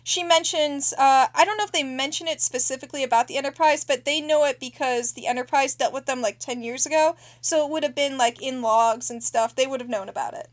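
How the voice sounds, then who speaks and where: A woman casually recapping a TV episode as a podcast co-host, animated and acting out lines, with casual swearing. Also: sits high, brisk, hardly any pauses.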